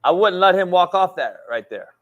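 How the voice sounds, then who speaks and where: A man's voice: high voice, lively intonation, normal speed, dull audio. A man hosting a casual sports talk show, a football coach who talks bluntly and swears a lot. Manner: blunt, profane, emphatic.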